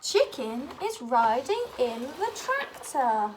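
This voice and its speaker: A woman's voice: high voice, big pitch swings, slow pace, very noisy. A woman leading a bucket activity for a small child, narrating toys in an exaggerated sing-song voice full of gasps. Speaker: early-years teacher leading a bucket activity. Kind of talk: child-directed play narration.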